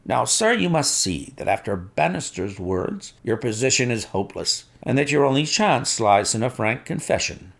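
A man voicing a calm, suave male detective who speaks in a measured, firm way. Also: mid-range voice, creaky, voice pushed up. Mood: probing.

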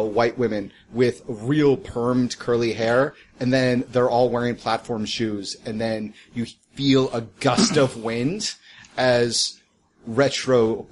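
A male game master describes the scene for his players in a rambling, halting way, full of ums and restarts. His voice sits in a middle register, and there is a faint hiss under the recording. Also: medium pitch. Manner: rambling, halting, many fillers. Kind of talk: narrating a tabletop game.

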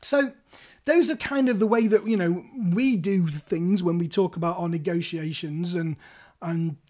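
A man's voice: sits high, a little slow, darkish tone. Playful, chatty male podcast host. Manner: playful, chatty, addresses listeners directly. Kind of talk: solo podcast coaching talk.

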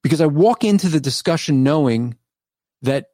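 A man guest on a podcast interview, a street evangelist telling stories of his debates in an animated, argumentative way. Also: fairly high pitch, moderate pace, dry recording. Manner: animated, argumentative, recounts debates by acting out both sides. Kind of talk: conversational storytelling in a podcast interview.

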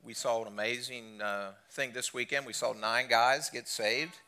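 A middle-aged man preaching a sermon as a guest speaker, fast-talking and folksy. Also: mid-range voice, fairly even intonation, sharp tone, smooth. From Alabama.

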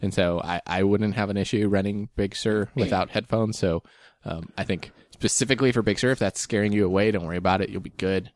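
A man's voice: lowish voice, a little fast, hardly any pauses, no room sound, studio quality. A young man co-hosting a podcast, talking casually about running with fillers and easy laughs. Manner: relaxed, chatty, with fillers and laughs. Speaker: podcast co-host. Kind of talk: casual chat.

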